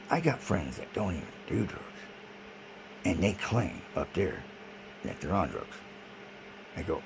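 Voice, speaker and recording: A man's voice: sits low, very animated, moderate pace, vocal fry, long pauses. A man in a rambling, agitated video monologue who repeats himself and swears often. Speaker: vlogger. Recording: noisy background.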